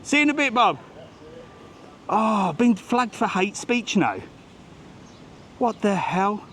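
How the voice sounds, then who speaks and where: A British man with a fairly high voice walks a resort street on a live travel vlog, ranting bluntly and swearing casually between hellos to passers-by. He talks into a handheld phone outdoors, with a faint hum of street noise around him. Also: very animated, takes it slowly, a bit bright. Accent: British English. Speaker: travel vlogger. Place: outdoors on a busy resort strip.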